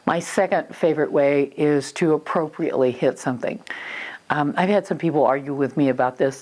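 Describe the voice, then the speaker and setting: A woman's voice: very deep voice, darkish tone. A woman parenting coach giving firm, matter-of-fact advice on handling children, with some fillers and restarts.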